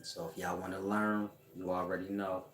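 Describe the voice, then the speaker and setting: A man's voice: deep voice, little pitch movement, normal speed, fairly bright tone. A middle-aged man, a spiritual teacher answering viewers in a casual livestream chat, talking in loose slang and laughing often. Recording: echoey room.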